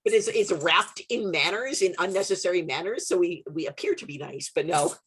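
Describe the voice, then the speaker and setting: A young adult woman from Canada hosting a podcast, telling stories in a casual, animated way, swearing and laughing often. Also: lowish voice, a little fast, breathy edge. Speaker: podcast host. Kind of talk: casual chat.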